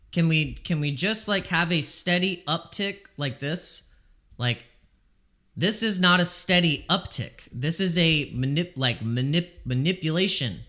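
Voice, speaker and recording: A man with a bright, forceful voice pitched a little above the usual runs a casual crypto live stream. He talks in excitable, exasperated bursts and swears freely along the way. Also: slow, long pauses.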